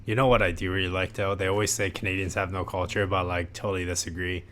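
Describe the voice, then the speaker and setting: Deep-voiced young man, joking podcast co-host. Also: level tone, fast, fairly bright tone, slight background noise. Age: young adult. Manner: joking, laid-back. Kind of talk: casual chat.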